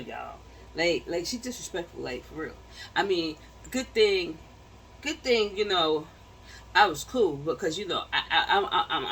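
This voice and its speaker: Animated woman telling a story. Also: medium pitch, distant mic, a little hiss or hum, low-quality recording. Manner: animated, repeats words, acts out quotes. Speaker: vlogger. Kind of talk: casual storytelling to viewers.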